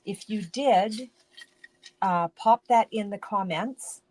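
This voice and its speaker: A woman's voice: mid-range voice, slow pace, a little mellow. A woman hosting a casual card-making live stream from her home craft room, chatting in a rambling way and often breaking off mid-sentence. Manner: chatty, rambling, self-interrupting.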